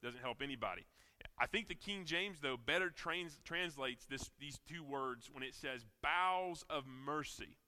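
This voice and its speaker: Southern male pastor, bright tense delivery, sermon in a reverberant church hall. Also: a little high, a little slow. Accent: American Southern. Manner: earnest preaching with repeated phrases and restarts. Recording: long reverb of a large hall.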